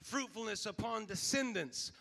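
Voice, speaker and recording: A man preaching a sermon as pastor, building to shouted, repeated declarations. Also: sits high, normal speed, gravelly, long reverb tail. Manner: preaching, swelling to shouted emphasis and repetition.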